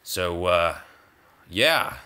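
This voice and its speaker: A man chatting his way through a video game in a slow, unhurried delivery. His voice is bright and forward, and his pitch swings up and down a great deal. He rambles, breaks off mid-thought and starts sentences over in a playful way. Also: expressive. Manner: rambling, self-interrupting, playful. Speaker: gaming video host. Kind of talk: casual gameplay commentary.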